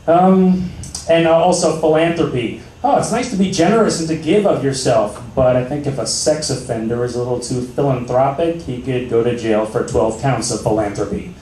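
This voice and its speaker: A young man doing a stand-up comedy set in a small cafe, with a deadpan, dry delivery broken by sudden loud outbursts. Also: mid-range voice, moderate pace, slight background noise. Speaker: stand-up comic. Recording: roomy, distant amateur recording.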